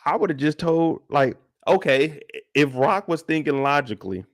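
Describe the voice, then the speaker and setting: Young guy hosting a casual after-show, slangy, kinda high voice that jumps all over, big loud outbursts. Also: normal speed. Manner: animated, slangy, acts out reactions with loud outbursts. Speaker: host.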